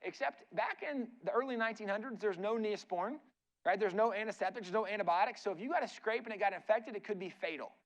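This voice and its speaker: A man with a very high voice preaches as a guest speaker in a church. He tells his story in a relaxed, chatty way and keeps checking in with the listeners with asides. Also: fast talker. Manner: casual, chatty, uses "like" and "right?" asides. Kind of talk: conversational sermon storytelling.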